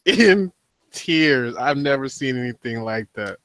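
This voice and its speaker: A man's voice: mid-range voice, animated, unhurried, fairly bright tone. A man hosting a podcast in casual comedic chat, telling stories with laughter and profanity. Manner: laid-back, laughing, profane storytelling. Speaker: podcast host.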